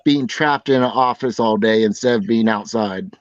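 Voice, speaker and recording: A man's voice: on the low side, moderate pace, dry recording, lo-fi sound. A man on an online panel giving blunt, self-deprecating opinions in casual chat. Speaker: panel guest.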